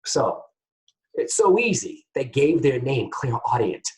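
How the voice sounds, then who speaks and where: A man teaching psychic mediumship to camera in a casual, animated way, often checking in with his viewers. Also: mid-range voice, takes it slowly, poor audio. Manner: animated, keeps checking in with "guys, okay?".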